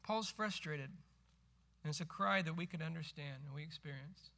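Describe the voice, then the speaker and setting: A middle-aged man preaching a sermon as pastor, emphatic and rising to forceful cries when quoting scripture. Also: a little high, moderate pace, creaky.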